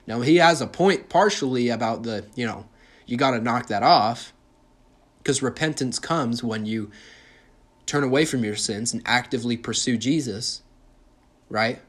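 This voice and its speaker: A man's voice: mid-range voice, moderate pace. A young man hosting a podcast, ranting in a heated, mocking monologue full of swearing. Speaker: podcast host.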